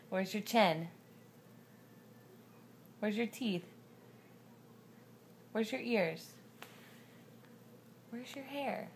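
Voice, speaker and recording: Slow, sing-song mother's baby talk. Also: mid-range voice, lively intonation, slight background noise. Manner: coaxing, sing-song, often laughing.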